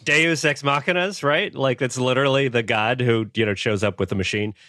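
A man on a film podcast panel, talking casually with lots of fillers and quick animated asides. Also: medium pitch, dry recording, clean studio sound.

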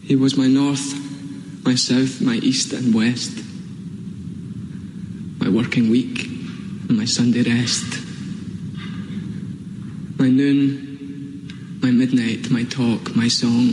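An actor playing a grieving young man who slowly and solemnly recites a funeral poem for his partner in a film, in a roomy space with traffic noise. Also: mid-range voice, little pitch movement, close to an everyday voice. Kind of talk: film drama acting.

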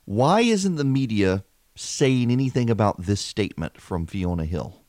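A man, hosting a talk radio show in an animated, wry way with frequent fillers. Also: on the low side, a little slow, no room sound, studio quality. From Louisiana. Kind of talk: opinionated talk radio monologue.

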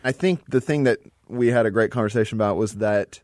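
A man talking as a podcast guest about his work as a mentalist, in an animated, quick way. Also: fairly low pitch, no echo. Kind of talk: casual conversation.

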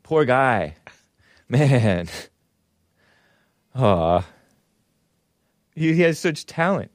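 A man's voice: medium pitch, no room sound, clean studio sound. A man hosting a talk show, giving sarcastic, chuckling commentary while reading out chat comments.

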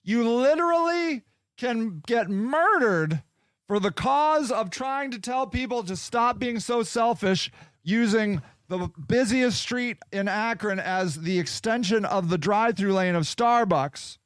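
Swearing frequently, the man rants through a story with casual sarcasm and anger on his podcast. He speaks at a measured pace in a high, animated, smooth voice, captured with clean studio sound and no echo.

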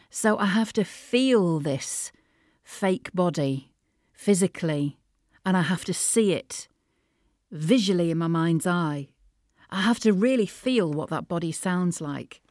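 A woman talking about her craft on her own podcast, lively and quick to laugh at herself. Her voice sits low for a woman, and it is recorded close and dry. She has the easy flow of a practised voice actor. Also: no echo. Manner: animated and self-amused, laughing often. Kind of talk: reflective podcast monologue.

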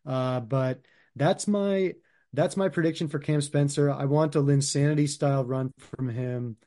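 A man's voice: fairly high pitch, measured pace, dark tone. A man co-hosting a casual sports podcast, talking loosely and hesitantly with many fillers. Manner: loose and hesitant, full of "like" and "you know". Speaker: podcast co-host.

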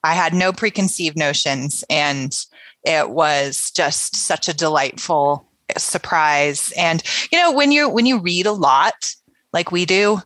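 A woman co-hosting a book podcast, talking in a lively, enthusiastic and playful way. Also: sits low, slow, no echo, rough recording. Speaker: podcast co-host. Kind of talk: casual book podcast chat.

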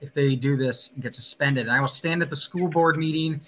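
A man's voice: fairly high pitch, fairly quick, fairly bright tone, a little hiss or hum. A man who used to teach history, a guest in a casual interview, speaking in a joking, fired-up, plain-spoken way.

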